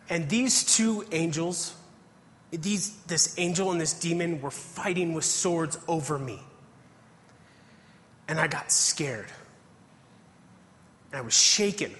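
A man's voice: fairly high pitch, a bit bright. A man preaching a testimony sermon, telling his story earnestly and reading scripture aloud. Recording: hall reverb.

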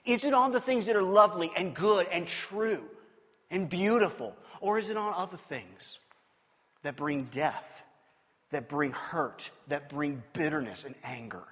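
A middle-aged man preaching a sermon as a pastor, telling stories with animated swings between loud and quiet. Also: fairly high pitch, unhurried. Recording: long hall reverb.

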